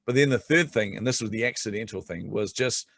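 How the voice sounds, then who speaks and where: A middle-aged man chatting on a podcast as a guest, telling animated stories and laughing often. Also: lowish voice, brisk, no echo, clean studio sound. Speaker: guest entrepreneur. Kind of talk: casual podcast chat.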